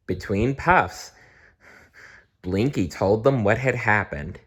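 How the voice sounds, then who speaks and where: A man reading a children's storybook aloud, gently and with small restarts. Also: lowish voice, slow pace.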